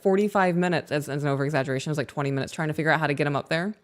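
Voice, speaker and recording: A woman co-hosting a podcast, chatting casually and telling family stories in an animated way. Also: sits low, racing, hardly any pauses. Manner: chatty storyteller, animated retelling. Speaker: podcast co-host. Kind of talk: casual chat.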